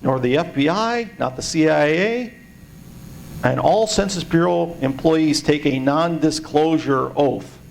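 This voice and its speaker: A man's voice: fairly high pitch, unhurried, creaky, poor audio. A man giving a sarcastic, indignant presentation to a party meeting. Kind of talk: informal speech to a meeting.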